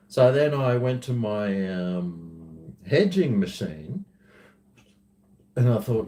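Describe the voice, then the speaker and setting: A man's voice: lowish voice, very animated, slow pace, mellow. A man with an Australian accent chatting casually to camera, rambling and self-mocking as he drifts between asides. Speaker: vlogger.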